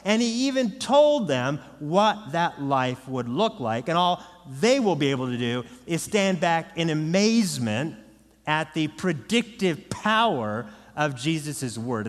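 A man's voice: a little high, sing-song, unhurried. A man preaching a sermon as pastor, with a conversational style and frequent "right?" asides. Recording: long reverb of a large hall.

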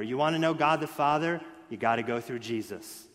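A man preaching a sermon, stressing key words loudly and then dropping to hushed lines. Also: medium pitch, a little fast. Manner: emphatic, swings between loud stresses and hushed lines. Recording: long hall reverb.

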